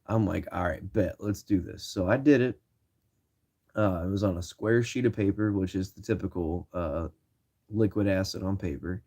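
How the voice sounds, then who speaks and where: A man's voice: low voice, moderate pace, a little mellow. A man in his twenties telling a story to his viewers in a casual, slangy, rambling way with many restarts. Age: 20s. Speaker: vlogger.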